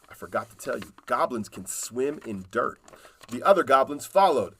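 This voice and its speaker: A man reading a children's storybook aloud in a calm, unhurried way. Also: medium pitch, slightly rough.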